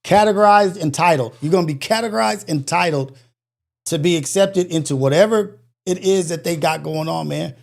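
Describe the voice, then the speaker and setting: A man's voice: a little high, moderate pace, gravelly, a little mellow. A man hosting a live call-in show, ranting in a blunt, incredulous way and swearing freely.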